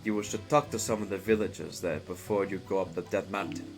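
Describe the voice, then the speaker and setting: Man doing a stern, hulking woman guardian, hushed and solemn, with a faint mock-Russian accent. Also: deep voice, fairly even intonation, a little fast, music in the background, pitched below the performer's own voice. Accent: slight put-on Russian tint. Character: huge strong female warrior guardian, stern. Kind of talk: reading game dialogue aloud.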